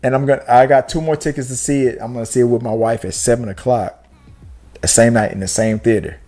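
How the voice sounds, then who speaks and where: A man's voice: medium pitch, quick pace. A young man hosting a podcast, chatting casually and rambling, with restarts and swearing. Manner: rambling and animated, with profanity and restarts. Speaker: podcast host. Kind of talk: casual chat.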